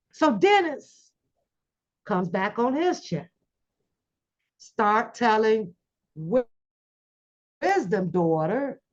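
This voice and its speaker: A woman hosting a casual commentary channel, telling a story with lively acted-out quotes. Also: fairly high pitch, muffled recording. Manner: animated storytelling, acts out quoted voices.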